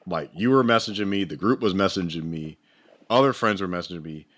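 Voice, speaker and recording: A man co-hosting a casual movie podcast, talking in a loose, animated way and swearing freely. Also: deep voice, a little fast. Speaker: podcast co-host. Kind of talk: casual chat.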